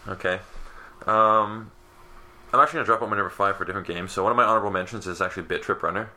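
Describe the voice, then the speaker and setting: Young guy, deep voice, talks quick and easy, bright edge. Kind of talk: casual chat among friends.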